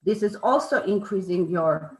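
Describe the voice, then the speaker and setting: A woman with a medium-pitched voice gives an informal talk on charisma at a moderate pace in an echoey room. She explains things with many fillers and self-corrections.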